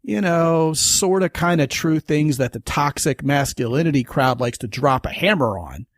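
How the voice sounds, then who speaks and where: A man's voice: on the high side, lively intonation, normal speed, no room sound, clean studio sound. A man hosting a podcast, talking in an emphatic, folksy way in casual conversation. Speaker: podcast host.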